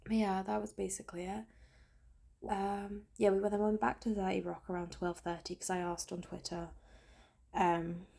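A woman with a croaky voice, chatting casually to camera in a rambling, self-deprecating way. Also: medium pitch, mellow. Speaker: vlogger. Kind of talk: casual storytime chat.

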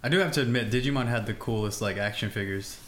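A man's voice: lowish voice, fast talker, fairly bright tone, a little hiss or hum. A man co-hosting a casual late-night podcast, giggly and bemused, mostly giving short replies. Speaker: podcast co-host.

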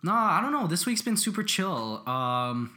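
A young man from Canada co-hosting a casual podcast chat, telling stories in a relaxed way with lots of ums and likes. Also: high-pitched, moderate pace. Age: young adult. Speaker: podcast co-host.

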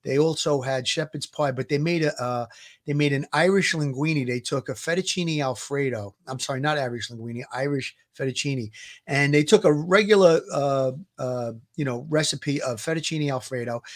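New man, co-host of a talk show, chatty and rambling, drifts through stories with many fillers. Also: medium pitch. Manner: rambling, full of "uh" fillers and repeats. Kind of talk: casual chat.

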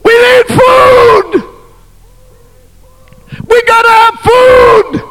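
Man doing a starving woman, high and shrill, shouting her plea. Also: level tone, normal speed, background noise. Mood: desperate. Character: desperate starving woman crying to a king.

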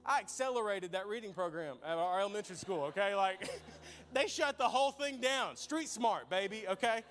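A man's voice: high-pitched, normal speed. A young man preaching in church, telling funny stories about his childhood and calling out to the congregation, laughing often. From Arkansas. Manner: lively, humorous, laughs often, addresses congregation directly. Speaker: pastor. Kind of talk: sermon with storytelling.

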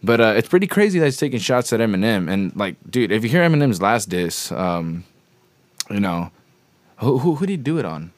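A man's voice: fairly low pitch, sing-song, a little fast, no room sound. A young man co-hosting a podcast in casual chat, laid-back and slangy, swearing often. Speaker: podcast co-host.

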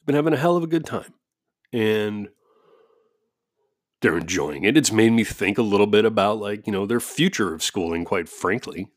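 A man rants casually at home, cursing freely and turning sarcastic. His pitch leaps around with lively swings, and the sound is dry and close with no room echo. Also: normal speed. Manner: animated, profane, sarcastic, frequent laughs. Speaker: parent with kids at home. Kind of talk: casual ranting monologue.

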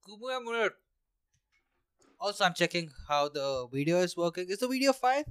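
A man's voice: high-pitched, expressive, moderate pace, smooth, no room sound, clean studio sound. A young man from India hosting a solo podcast at home, rambling sarcastically with swearing and laughs while drinking. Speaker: podcast host. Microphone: handheld mic.

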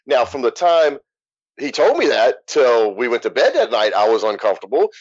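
A man's voice: medium pitch, sing-song, moderate pace, no echo. A man, speaking as an interview guest and telling his story bluntly and frankly. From Louisiana. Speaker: guest, author. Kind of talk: candid interview. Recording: dull lo-fi dry recording.

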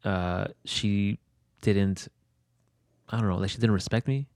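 A man's voice: lowish voice, fairly even intonation, unhurried, a little mellow, dry recording, clean studio sound. A young man telling a personal story in an interview. He rambles, leans on fillers and swears freely. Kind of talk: candid conversational storytelling.

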